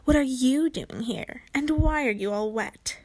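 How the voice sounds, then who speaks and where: A woman voicing a haughty, sharp-tongued female fairy who talks in a sniffy, sarcastic, condescending way. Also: high-pitched, a little slow. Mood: scornful.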